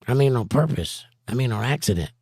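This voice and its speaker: A hoarse man hosting a casual livestream, reading chat comments aloud and joking around. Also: medium pitch, lively intonation, fairly quick, a little mellow, dry recording, clean studio sound. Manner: joking, playful banter.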